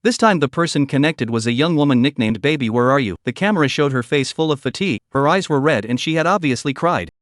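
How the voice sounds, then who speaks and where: A man narrating a manhwa recap story in a flat, stilted reading of a rough translation. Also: medium pitch, quick pace, hardly any pauses, dry recording, studio quality.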